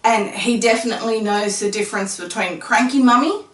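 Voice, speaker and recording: Woman interviewer, slightly high voice, leads and affirms the guest. Recorded off-mic in an echoey room. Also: a little fast, recorded from a distance. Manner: leading, affirming questions. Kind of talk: casual interview.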